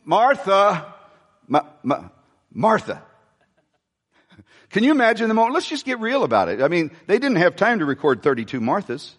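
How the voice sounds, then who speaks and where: A pastor preaching a sermon, animated and repeating his phrases, asking the congregation questions as he goes. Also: high-pitched, fast, few pauses. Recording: reverberant church hall.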